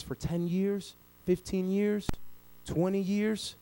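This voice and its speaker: A man preaching a sermon as pastor, swinging from loud to hushed and acting out quoted voices. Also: sits high, expressive, normal speed, slight background noise, poor audio.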